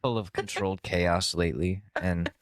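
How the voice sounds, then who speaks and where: Animated young man, dry close sound. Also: deep voice, normal speed, no echo. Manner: animated, acts out voices, laughs often. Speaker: podcast co-host. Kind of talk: casual comedic chat.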